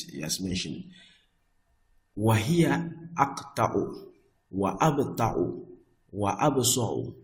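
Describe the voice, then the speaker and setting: A man teaching an Arabic grammar lesson, talking patiently, repeating each point and slowing down to recite Arabic text. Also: low-pitched. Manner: slows down for Arabic quotations. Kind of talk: recorded online lesson.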